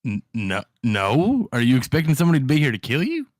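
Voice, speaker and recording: Player, male, 30s, halting and flustered, dry close sound. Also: medium pitch, huge pitch swings, a little mellow, dry recording. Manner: halting, flustered in-character replies. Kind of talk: tabletop game play.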